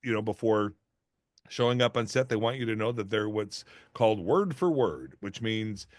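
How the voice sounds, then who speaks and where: A middle-aged actor, a guest in an interview, swaps stories in casual chat at a moderate pace. He's animated, acting out the people he quotes with big jumps in pitch. The audio is clean studio sound with no echo.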